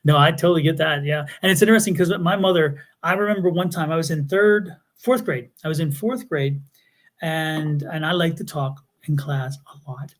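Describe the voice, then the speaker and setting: A man's voice: fairly high pitch, moderate pace. A man co-hosting a live tarot stream, telling stories in casual chat. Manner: animated storyteller. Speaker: tarot reader co-host.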